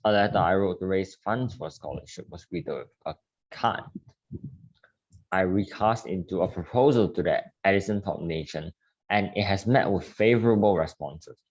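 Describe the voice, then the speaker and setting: A man reading a passage aloud in a steady, measured way. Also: low-pitched, highs cut off. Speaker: reader.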